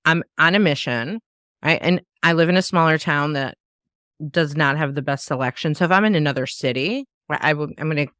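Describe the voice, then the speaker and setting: A woman hosts a casual podcast chat. Her voice is smooth and clear, recorded dry and close, and she slips into animated quoted voices as she talks. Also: low-pitched, brisk, no echo. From American South. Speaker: podcast host.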